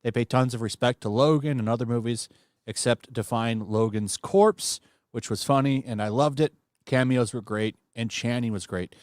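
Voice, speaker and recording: A man's voice: medium pitch, moderate pace, darkish tone, no echo, studio quality. A man hosting a casual panel podcast, talking with enthusiasm and defending his opinions. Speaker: podcast host.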